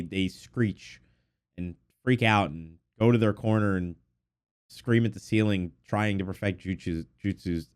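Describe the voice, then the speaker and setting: Congested young man chatting animatedly. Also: on the low side. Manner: animated, swears freely, laughs often. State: congested from allergies. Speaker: podcast co-host. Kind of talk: casual podcast chat.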